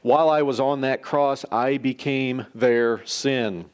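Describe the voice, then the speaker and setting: A man voicing a calm, steadfast male defense attorney in a courtroom parable. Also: medium pitch, slow, smooth, lightly acted. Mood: solemn.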